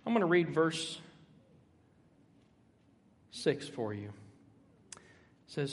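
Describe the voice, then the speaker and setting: An older man preaching a sermon, emphatic, swinging between loud and soft with dramatic pauses. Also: fairly high pitch, sing-song. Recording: echoey hall.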